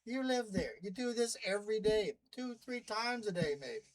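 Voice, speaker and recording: Man, high voice, wry, chatty, rambling asides, casual monologue. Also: animated, moderate pace, low-quality recording. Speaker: vlogger playing a demon narrator.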